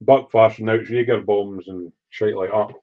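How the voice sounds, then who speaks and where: A man's voice: lowish voice, steady tone, normal speed, phone-quality sound. A middle-aged man from Edinburgh with a Scottish accent, chatting casually and reading out chat on a live stream. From Scotland. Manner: swearing, rambling storyteller reading chat aloud.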